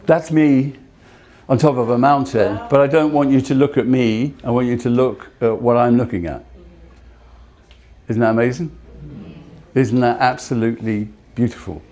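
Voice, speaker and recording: An older man giving a talk, telling personal stories in a halting way with frequent restarts. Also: mid-range voice, warm tone.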